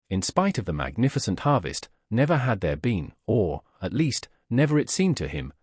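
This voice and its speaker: Male audiobook narrator with a lively pitch. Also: slightly rough, no echo, studio quality. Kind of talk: scripted narration.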